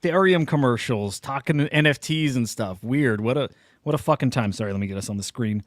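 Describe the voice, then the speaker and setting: A man co-hosting a casual crypto chat show, excitable and swearing freely. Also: medium pitch, a little fast. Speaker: co-host.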